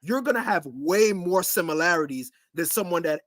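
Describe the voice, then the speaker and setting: A man's voice: high-pitched, animated, normal speed, a bit bright, dry recording, studio quality. A man co-hosting a podcast in casual debate, often asking if you get what he's saying. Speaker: podcast co-host.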